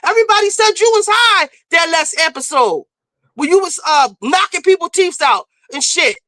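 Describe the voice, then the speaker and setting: A woman's voice: very high-pitched, lively intonation, moderate pace, pushed and bright, no room sound. A woman hosting a casual commentary stream, talking bluntly and emphatically with plenty of profanity as she lectures. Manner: emphatic, scolding. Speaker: streamer host.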